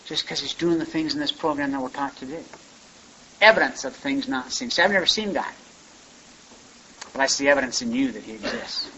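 A man's voice: on the high side, brisk, long pauses, pushed and bright. A man telling his story at a recovery meeting in a rambling, folksy way, often adding "man" and "you know". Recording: dull lo-fi recording with faint hiss.

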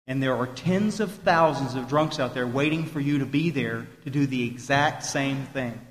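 Man, high voice, earnest recovery talk, repeats for emphasis, roomy echoey hall. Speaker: guest speaker at a recovery meeting.

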